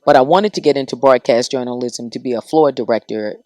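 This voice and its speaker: Lively middle-aged woman radio personality. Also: rumbling low, a little fast, no room sound, clean studio sound. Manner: lively, animated storyteller acting out quotes. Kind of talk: casual podcast storytelling.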